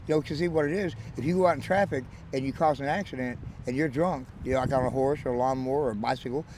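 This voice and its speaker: A man's voice: medium pitch, fast, darkish tone, poor audio. Man with a West Texas drawl. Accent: West Texas Southern drawl. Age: 40s. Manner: rambling, joking storyteller who laughs often. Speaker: interviewee. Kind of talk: casual street interview. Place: outdoors by a street. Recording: outdoor street noise.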